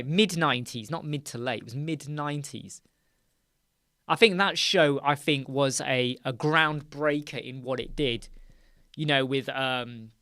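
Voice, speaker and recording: A man hosting a live question-and-answer stream in casual chat, rambling and jokey as he tells stories from a dark soundproofed room. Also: on the high side, no echo, studio quality. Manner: rambling, jokey, animated storytelling. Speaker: host of a live web-design Q&A.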